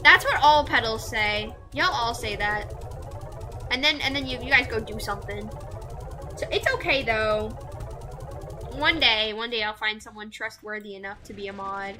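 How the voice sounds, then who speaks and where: Heard over music, this young VTuber has a slightly high voice and a moderate pace as she casually chats with her audience during a gaming stream. Her talk wanders, packed with fillers.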